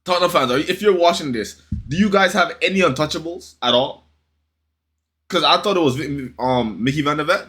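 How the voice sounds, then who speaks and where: A man's voice: on the high side, fairly quick, fairly bright tone. A man hosting a reaction video, chatting casually, asking viewers questions and reacting to clips.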